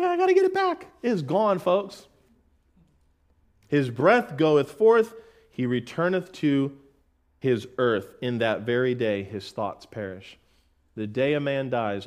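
A middle-aged man preaching a sermon in a folksy way, calling listeners "folks" and reading scripture slowly and with emphasis. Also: mid-range voice. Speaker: pastor.

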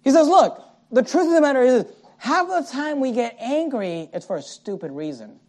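A male pastor preaching a sermon, swinging from loud, punchy lines to quiet asides and mimicking his listeners' excuses. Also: very high-pitched, animated, normal speed.

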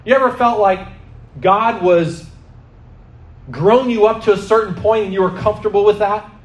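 Speaking at a normal pace in a voice that sits high, a man preaches in a reverberant space. He's insistent and emphatic, continually asking his listeners rhetorical questions.

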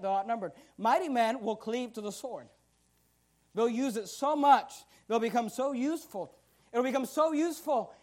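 A man preaching a fiery sermon as pastor, emphatic and confrontational, repeating his points. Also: very high voice. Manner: emphatic, repetitive, confrontational preaching with rising volume bursts.

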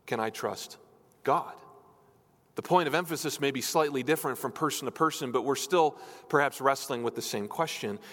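A man's voice: mid-range voice, quick pace, hardly any pauses, a bit bright. A man preaching a sermon as a pastor, talking earnestly and pleading, his voice lifting on questions. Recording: long hall reverb.

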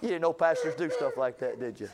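A man's voice: fairly high pitch, quick pace, crowd noise. A male pastor, telling a folksy story in a sermon to his church, with emphatic rises in his voice. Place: church sanctuary.

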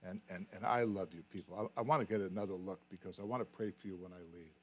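A man's voice: low voice, steady tone, fast, slightly rough. A man preaching as a guest in a folksy, self-described redneck way, earnest and pleading, often stumbling and repeating words. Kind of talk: sermon with altar call.

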